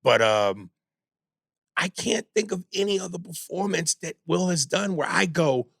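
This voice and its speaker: A gravelly-voiced man co-hosting a podcast, chatting casually and getting emphatic and profane as he makes his points. The sound is dry and close, with no room around it. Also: high-pitched, animated, a little slow, a bit bright, no echo. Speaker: podcast co-host. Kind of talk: casual chat.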